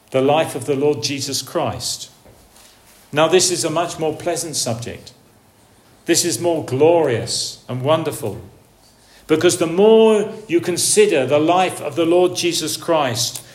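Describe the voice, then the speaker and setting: Man, preacher, sermon delivery, slow and emphatic, roomy reverb. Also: fairly high pitch. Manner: slow, measured, emphatic repetition.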